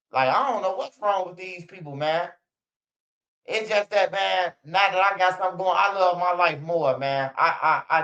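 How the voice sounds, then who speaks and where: A man's voice: a little high, fairly bright tone, dull audio. A man ranting bluntly in casual street slang, repeating himself and swearing often. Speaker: streamer.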